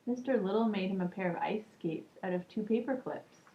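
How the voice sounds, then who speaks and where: A woman's voice: mid-range voice, fairly quick. Woman reading a storybook in an echoey room. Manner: calm reading with casual asides. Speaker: storybook reader. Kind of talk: reading a children's book aloud. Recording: echoey room, muffled lo-fi sound.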